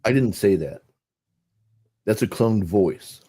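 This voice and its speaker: An older man and podcast guest, explaining in a measured way that often trails off softly. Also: fairly low pitch. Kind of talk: casual podcast conversation.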